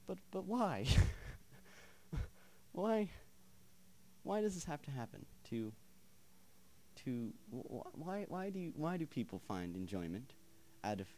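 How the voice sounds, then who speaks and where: A young man plays a horror game, talking to himself in nervous mutters and repeated chants, swearing often. His voice sits at an ordinary middle pitch, and he breaks into loud yelps when startled. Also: sing-song, normal speed. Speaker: gaming channel host.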